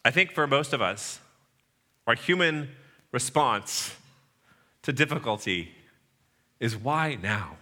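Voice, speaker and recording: A man's voice: medium pitch, expressive, takes it slowly, pauses often, pushed and bright. Man preaching with humor in a church. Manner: humorous storytelling, acting out quoted voices. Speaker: pastor. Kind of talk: sermon. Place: church sanctuary. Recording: long hall reverb.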